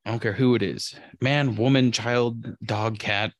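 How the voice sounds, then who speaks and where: A man's voice: medium pitch, steady tone, a little slow, no room sound. A young man co-hosting a podcast, joking and teasing his friend with casual, profane banter. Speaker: podcast co-host.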